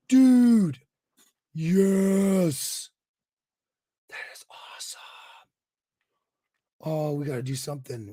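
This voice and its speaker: A hoarse man hosting a casual live stream, warmly reading viewers' chat aloud with rambling restarts and quiet mutters. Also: a little high, no echo. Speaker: streamer host.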